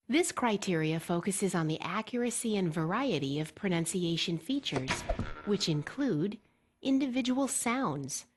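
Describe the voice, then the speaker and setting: A woman reading a scripted exam-preparation lesson in a clear, measured way, slowing down to model example words. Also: on the low side. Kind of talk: scripted instructional narration.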